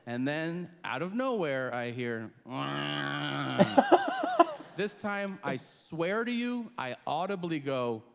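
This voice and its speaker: Animated stand-up comedian, slow and lively. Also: male voice, a little high, big-room sound. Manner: animated, exasperated storytelling with acted-out outbursts. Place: comedy stage before a live audience. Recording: live stand-up set with loud crowd laughter. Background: audience laughter.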